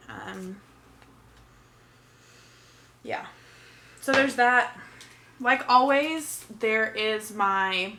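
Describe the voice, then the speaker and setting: A woman's voice: a little high, bright, forceful tone, a little hiss or hum. A young woman from Texas chatting casually to camera about her makeup, rambling and swearing freely. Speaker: beauty vlogger. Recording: echoey room.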